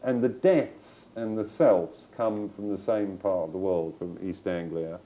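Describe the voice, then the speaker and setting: A man's voice: low-pitched, a little slow, warm tone, rough recording. A middle-aged male novelist in a book club conversation, telling stories in a discursive way, with digressions and restarts. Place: live event before an audience.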